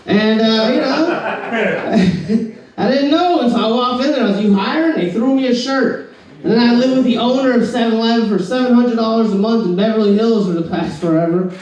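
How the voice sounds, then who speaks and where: High-voiced Southern man doing stand-up. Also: moderate pace, a little mellow, recorded from a distance. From Florida. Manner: rambling, laid-back, keeps saying "bro". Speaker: stand-up comedian. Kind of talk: stand-up comedy set. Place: comedy club stage. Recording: echoey room, mic from afar.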